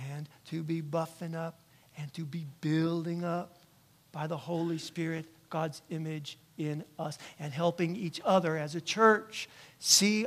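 A male pastor preaching a sermon in church, emphatic and repetitive, often checking in with "right?". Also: fairly high pitch.

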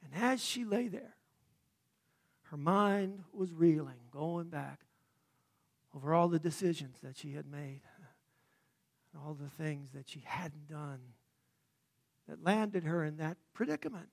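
A man preaching a sermon, praying and then telling a story dramatically, swelling loud and dropping to a hush. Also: a little high, a little slow, vocal fry, long pauses. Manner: dramatic, swelling and hushing by turns. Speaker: pastor.

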